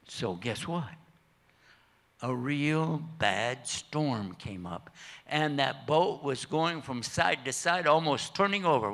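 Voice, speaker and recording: A man's voice: fairly high pitch, unhurried. An older man giving a storytelling sermon at a mosque, joking with listeners and acting out the characters in the story. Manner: animated, jokey, acts out characters. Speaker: preacher. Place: mosque hall.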